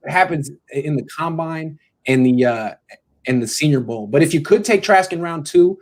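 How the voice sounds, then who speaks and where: A man's voice: a little high, expressive, normal speed. A man hosting a casual call-in show from home, talking loosely and joking as he takes callers. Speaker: host.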